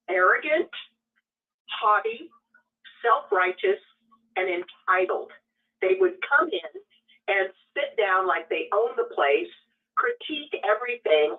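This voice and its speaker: A woman co-hosting a talk show, speaking in an indignant, emphatic way. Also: medium pitch. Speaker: co-host. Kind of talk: casual radio talk. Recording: tinny phone line from a distance.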